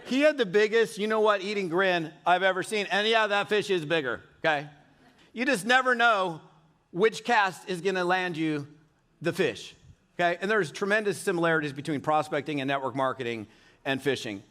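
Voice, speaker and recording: A middle-aged man speaking from a stage at a live keynote, his voice pitched high for a man and ringing bright. He tells stories with energy and keeps turning to the crowd with questions. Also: moderate pace. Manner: energetic storytelling with audience questions. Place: large event hall on stage.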